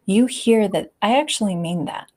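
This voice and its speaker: A woman leadership coach speaking as an interview guest. She talks expressively and often drops to a soft, near-whispered tone. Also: mid-range voice, moderate pace. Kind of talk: conversational interview. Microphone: video call.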